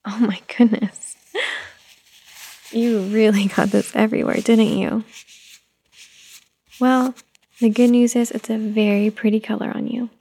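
Woman doing a gentle mommy roleplay, soft soothing voice with a bit of fry. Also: fairly high pitch, level tone, moderate pace, pauses often, a little hiss or hum. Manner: gentle, soothing, speaking to a toddler. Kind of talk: soft-spoken mommy role-play.

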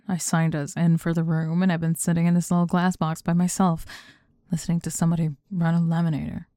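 A young woman acting a sharp-tongued, controlling student in a one-sided role-play monologue, sarcastic and exacting as she bosses her unheard partner. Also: lowish voice, no room sound, studio quality, natural voice. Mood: impatient. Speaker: student in a group project.

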